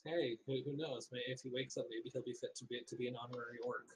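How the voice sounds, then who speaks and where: Rapid, jokey male tabletop player with faint background hiss. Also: mid-range voice, steady tone. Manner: joking, thinks aloud about tactics. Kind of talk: casual game chat over voice call.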